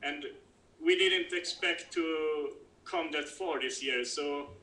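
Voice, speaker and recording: A Swedish-accented man talks slowly and haltingly over a call, stopping often to restart his sentences. His voice is bright and forceful. The audio sounds roomy, with faint noise behind him. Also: on the high side. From Sweden. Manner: halting, many fillers and restarts. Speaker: interview guest, kubb player. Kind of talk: casual interview over a call. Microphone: video call.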